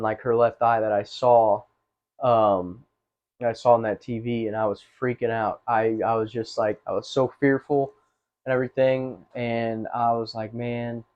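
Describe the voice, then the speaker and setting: A man telling his life story with earnest, halting speech, full of restarts and fillers. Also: medium pitch, darkish tone. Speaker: testimony guest. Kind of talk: personal testimony, casual storytelling. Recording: slightly dull, muffled recording.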